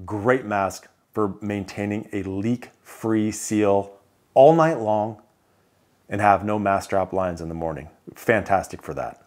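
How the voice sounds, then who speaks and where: A man casually running through sleep equipment picks, chatty with joking asides. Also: fairly low pitch. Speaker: CPAP equipment reviewer. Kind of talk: casual product rundown.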